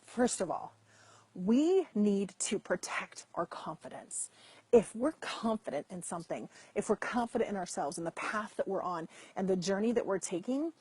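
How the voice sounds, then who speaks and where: A woman's voice: mid-range voice, expressive, moderate pace, darkish tone, husky. A middle-aged woman hosting a chatty live stream, talking straight to her viewers over a computer mic. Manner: chatty, repeats and restarts, addresses viewers directly. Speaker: host. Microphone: computer mic over weak internet.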